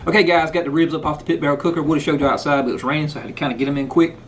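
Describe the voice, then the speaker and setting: Man, folksy cooking vlogger, fairly high voice, faint background noise. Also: fairly even intonation, racing. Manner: folksy, talks with food in his mouth. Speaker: cooking channel host. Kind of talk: casual cooking vlog. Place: outdoors in the rain, then indoors.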